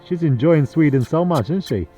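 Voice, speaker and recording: A man's voice: fairly high pitch, expressive, normal speed, music in the background. A man chatting casually in a travel vlog outdoors, playful and joking about his own pronunciation. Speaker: travel vlogger. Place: outdoors on a road trip.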